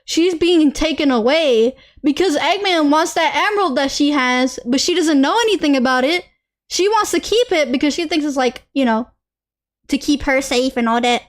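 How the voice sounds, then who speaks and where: Super high-pitched young woman ranting on stream, keeps repeating stuff and saying sorry. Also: moderate pace. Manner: animated, ranting and repeating herself, with laughs and apologies. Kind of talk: casual live-stream rant.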